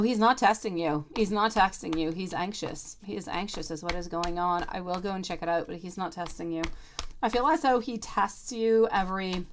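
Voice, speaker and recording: A woman's voice: mid-range voice, a little hiss or hum. A woman in her thirties doing a live-streamed tarot reading, chatty and affectionate, calling her viewers sweetie. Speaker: tarot reader.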